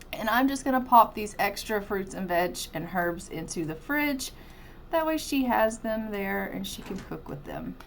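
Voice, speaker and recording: A let's-play host casually commentates her life-simulation game in a mid-range voice, chatty and upbeat as she narrates her in-game actions. A little hiss or hum sits in the audio.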